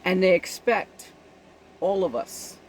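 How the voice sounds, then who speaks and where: A woman's voice: on the low side, lively intonation, takes it slowly, darkish tone, a little hiss or hum, low-quality recording. A woman giving casual spoken commentary on a news event, indignant and emphatic, often checking in with her listeners.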